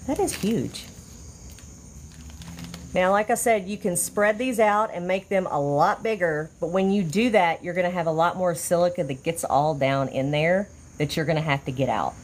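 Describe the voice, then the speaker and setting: A woman hosting a casual live craft demonstration, chatty and easily excited as she greets viewers. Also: on the low side, slight background noise. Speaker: crafter hosting a livestream tutorial. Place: outdoors or by an open window, fading daylight.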